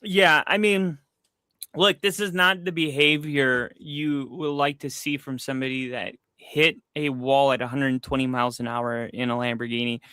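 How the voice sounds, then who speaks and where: A man's voice: medium pitch, steady tone, moderate pace, sharp tone, smooth, no echo. A young man hosting a casual sports podcast, telling a story with loose fillers and frequent swearing. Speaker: podcast host. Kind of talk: casual chat.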